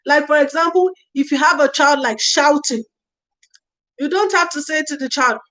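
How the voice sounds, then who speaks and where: High-voiced woman hosting a livestream. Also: moderate pace, rough recording. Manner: reads out viewer comments and thanks viewers warmly by name; earnest advice-giving with repeated phrases. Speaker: livestream host. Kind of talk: casual livestream talk on early years parenting.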